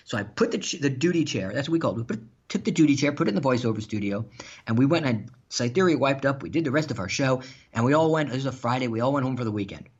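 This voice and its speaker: A man's voice: medium pitch, husky. A man telling funny stories on a podcast as a guest, laughing as he goes. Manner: animated, laughs while telling anecdotes. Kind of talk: casual storytelling. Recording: dull lo-fi sound.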